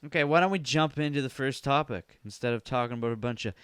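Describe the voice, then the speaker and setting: Fast and clear with a resonant tone, this man runs a solo podcast from his basement at home. He's profane, joking, and animated, using a studio mic with headphones, and the recording is dry with clean studio sound.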